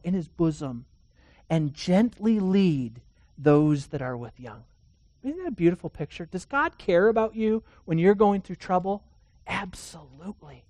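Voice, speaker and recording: A man preaching a sermon, telling stories earnestly, swinging between emphatic declarations and hushed, quiet passages. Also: sits high, lively intonation, unhurried, dry recording. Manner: earnest storytelling with emphatic rises and hushed drops.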